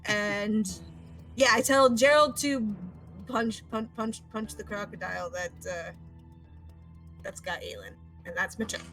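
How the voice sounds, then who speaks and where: A woman's voice: medium pitch, measured pace, fairly bright tone, low-quality recording. A woman playing a tabletop role-playing game, explaining her moves with playful asides over faint background music. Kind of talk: casual tabletop game play. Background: faint fantasy background music.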